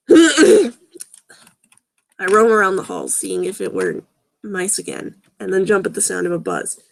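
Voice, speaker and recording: A woman's voice: mid-range voice, huge pitch swings, unhurried, gravelly, long pauses. A woman reading fan fiction aloud with sarcastic, groaning asides. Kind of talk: mocking dramatic reading with commentary.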